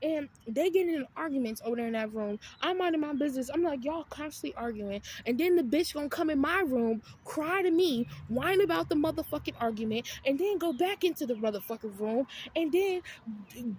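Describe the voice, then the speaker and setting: A woman vlogger telling a story outdoors in a casual, profane, animated way, switching to a raised voice when she repeats her own retorts. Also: high-pitched, brisk, few pauses.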